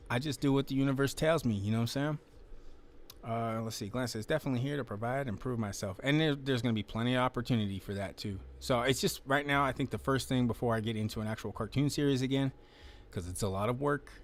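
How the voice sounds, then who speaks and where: A man's voice: medium pitch, fast talker. Laid-back rambling man on a livestream. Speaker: livestream host. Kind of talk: casual livestream chat. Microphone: desk mic, close then moved closer.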